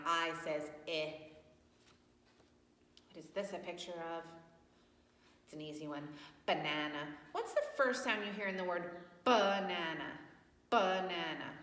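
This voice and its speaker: A woman's voice: on the low side, a bit bright. A woman teaching young children letter sounds at circle time, asking patient questions and praising answers. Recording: echoey room with long reverb.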